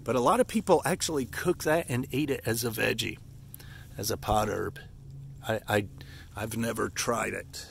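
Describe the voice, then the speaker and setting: A man's voice: mid-range voice, moderate pace, creaky, a little hiss or hum. A man, slightly out of breath and stuffy-nosed, giving a folksy, rambling walk-through of wild plants outdoors in a yard. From Appalachia, United States. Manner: folksy, rambling, corrects himself. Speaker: forager showing wild edibles. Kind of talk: casual walking vlog.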